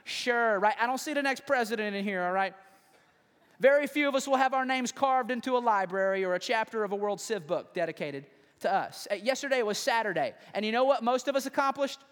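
A man pastor preaching a sermon, building from quiet questions to rising appeals. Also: high-pitched, lively intonation, fairly quick, long reverb tail. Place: church sanctuary.

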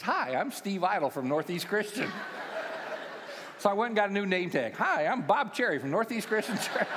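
A man in his sixties delivers a sermon from the stage, his fairly high voice carrying light, self-mocking humor. He talks like a pastoral care minister sharing stories with a congregation. Long church-hall reverb hangs behind every phrase. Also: noisy background. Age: 60s. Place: large church auditorium.

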